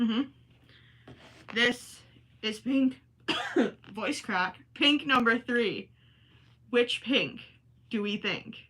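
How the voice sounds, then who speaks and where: Bright-voiced Minnesotan woman chatting on a livestream. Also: fairly high pitch. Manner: chatty, quick to apologize, self-deprecating. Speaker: livestream host. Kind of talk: casual livestream chat, reading viewer comments. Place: home, indoors.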